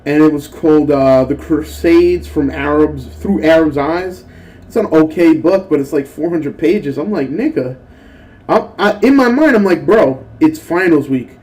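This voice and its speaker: A young adult man hosting a mobile game channel, telling profane, animated stories in casual gaming commentary. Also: on the high side, moderate pace. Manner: profane, animated storytelling rant.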